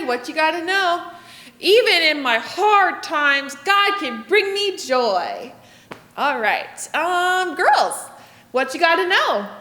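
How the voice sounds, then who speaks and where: A woman children's pastor leading a kids' church lesson, slow and encouraging as she calls out to the children. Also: high voice, sharp tone. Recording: echoey hall, roomy reverb.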